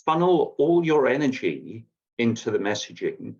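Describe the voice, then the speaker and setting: A man, a former news anchor, giving measured, precise presenting advice in a live online session. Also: medium pitch, big pitch swings. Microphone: video call. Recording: dull lo-fi call audio.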